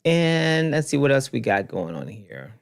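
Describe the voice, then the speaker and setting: Animated man riffing on news clips. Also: mid-range voice, measured pace, gravelly. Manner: animated, repeats himself, talks to viewers directly. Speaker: commentary show host. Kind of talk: casual commentary on news clips.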